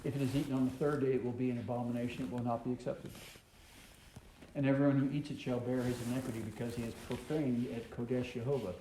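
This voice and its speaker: This Southern Bible teacher talks fast in a warm, mid-range voice with little pitch movement. He reads Torah verses aloud and explains them, frequently using um and uh, in an echoey room with faint noise.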